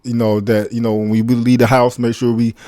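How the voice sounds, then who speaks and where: A man speaks as a podcast guest, earnest and reflective as he tells his own story. His voice sits at a middle pitch. The recording is dry and close, with little room sound. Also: flat delivery, mellow, no room sound. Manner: reflective and earnest, with halting restarts. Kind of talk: casual conversational storytelling.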